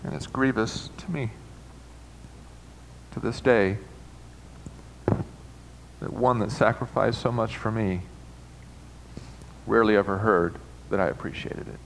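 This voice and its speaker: A man preaching as a pastor, moving from quiet reflection to emphatic, rising passages with playful asides. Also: fairly low pitch, steady tone, measured pace, gravelly, long pauses, slight background noise, rough recording. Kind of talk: sermon. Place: church sanctuary.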